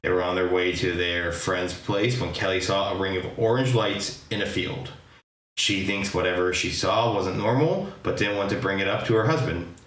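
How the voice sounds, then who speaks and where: Podcast host, male, lowish voice, chatty storyteller in an echoey room. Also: normal speed, a bit bright. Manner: chatty storyteller, hedges and jokes. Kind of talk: casual chat.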